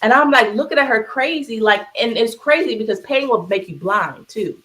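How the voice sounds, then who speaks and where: A woman's voice: fairly high pitch, animated, moderate pace, a bit bright, rough recording. A woman co-hosting a talk show, telling a painful personal story in an earnest way, close to tears at times, with restarts and fillers, while she cooks on a video call. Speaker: podcast co-host.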